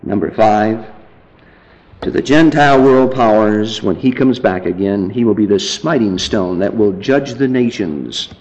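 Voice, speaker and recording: At a measured pace and with a slightly mellow voice, a man delivers a sermon full of cited scripture references, rising from emphasis into fervent, high-pitched preaching. The recording's high frequencies are cut off.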